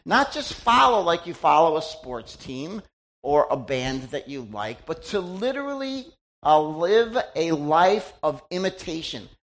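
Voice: mid-range voice, very animated, unhurried, a bit bright. A middle-aged pastor giving a conversational sermon, chatty and teasing, often quizzing the congregation.

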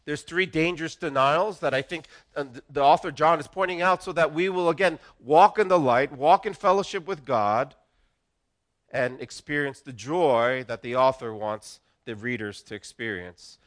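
A man's voice: a little high, moderate pace, fairly bright tone. A middle-aged man preaching a sermon as pastor, earnest and conversational, often restarting his phrases.

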